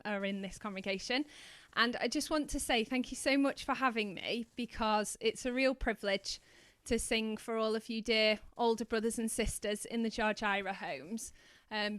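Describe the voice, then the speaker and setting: A woman's voice: fairly high pitch, clean tone, no echo. A young woman, a guest singer, introducing her song in a grateful, slightly hesitant way. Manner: warm, grateful, a little hesitant.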